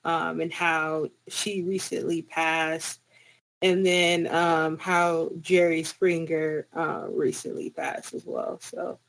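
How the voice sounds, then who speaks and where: A woman co-hosting a casual talk show, unhurried and often laughing. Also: low-pitched, flat delivery, poor audio. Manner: unhurried, giggly. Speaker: co-host. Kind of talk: casual chat.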